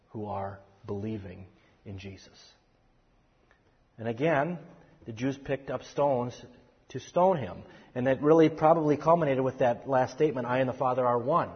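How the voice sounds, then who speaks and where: A man leads a Bible study in an earnest teaching voice, restarting phrases and leaning hard on key words. His voice is slightly husky. The recording is dull and lo-fi, with long reverb from a hall. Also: medium pitch, moderate pace. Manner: earnest, with frequent restarts and emphatic stresses.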